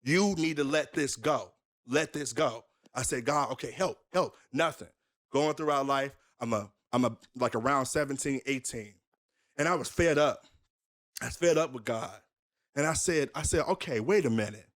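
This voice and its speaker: Animated young man, candid, emphatic, many rhetorical questions, interview setting. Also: medium pitch, normal speed. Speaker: minister, interview guest. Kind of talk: candid conversational storytelling.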